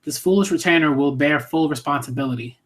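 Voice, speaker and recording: A man's voice: a little high, fast talker, slight background noise, lightly acted. A man reading as a remorseful loyal retainer.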